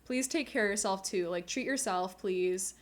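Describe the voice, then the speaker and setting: Speaking at a moderate pace in a mid-range voice, this woman streamer chats casually with her audience. She gushes, laughs often and seems near tears, recorded on an inexpensive desk microphone at home.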